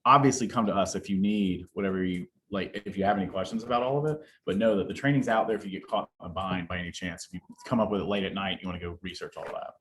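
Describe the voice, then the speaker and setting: Fast-talking man, lower voice. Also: a bit bright, slight background noise. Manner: fast, emphatic, self-deprecating. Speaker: co-leader of the training. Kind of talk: animated storytelling.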